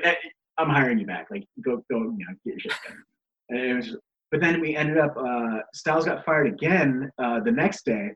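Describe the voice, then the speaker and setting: Guest man, casual storyteller, curses freely, laughs a lot, acts out quotes; muffled lo-fi recording, average pitch. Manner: profane, laughing, acts out others' lines. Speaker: guest, pro wrestler.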